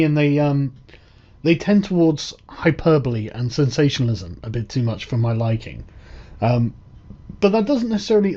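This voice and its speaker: Man, sarcastic reaction commentary, fairly high voice, muffled lo-fi sound. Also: mellow. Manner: sarcastic, mocking. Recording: dull lo-fi audio.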